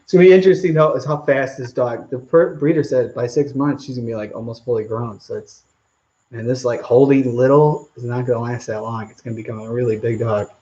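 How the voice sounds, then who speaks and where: A man's voice: medium pitch, steady tone, a little fast, mellow, lo-fi sound. A man hosting a live stream Q&A outdoors, rambling casually as he reads out viewer comments. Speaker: channel host.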